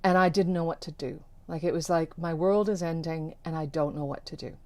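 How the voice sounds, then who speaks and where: A woman's voice: low voice, steady tone, a little fast, a little mellow. A woman telling a personal story to camera, candid and conversational, loose with little fillers. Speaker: keynote speaker.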